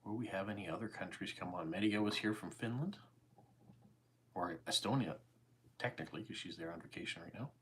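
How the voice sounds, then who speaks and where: A man in his forties with a Canadian accent, chatting calmly and easily with viewers during a live stream. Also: sits low, slight background noise. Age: 40s. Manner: calm, easygoing, unhurried. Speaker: YouTube host. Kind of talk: casual livestream chat answering viewer comments.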